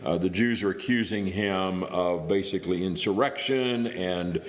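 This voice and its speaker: Speaking in a low voice at a measured pace, a middle-aged Indiana man preaches as a guest in a church, the hall's echo audible on the recording. His delivery is conversational, like thinking out loud, with little restarts along the way.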